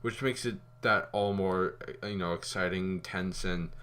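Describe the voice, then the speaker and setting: A man giving a casual spoken movie review, rambling and animated, with fillers and some swearing. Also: low-pitched, measured pace, clean tone.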